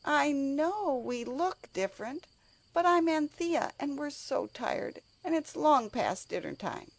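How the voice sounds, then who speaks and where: A woman voicing an anxious, pleading young girl in a storybook reading, pitched far above her own voice. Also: very animated, slow, creaky, dry recording, full character voice.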